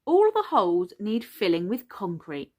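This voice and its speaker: A jolly, playful father pig with a hearty, drawn-out delivery, as a woman puts him on while reading aloud. His lines come slowly and with lively swings of pitch. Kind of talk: storybook character voice.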